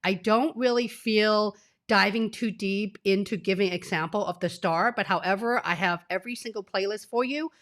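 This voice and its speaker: A woman's voice: mid-range voice, normal speed, a bit bright. A woman career coach in her forties speaking to live-stream viewers, sick and tearful, effusive and emotional. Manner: emotional, effusive, talks straight to the audience.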